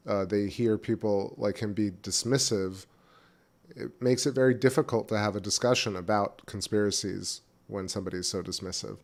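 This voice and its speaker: Man, low voice, casual livestream host, rambling chat, back porch. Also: darkish tone. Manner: rambling, chatty, some restarts, chewing while talking. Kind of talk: casual live-stream chat. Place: back porch at home, outdoors.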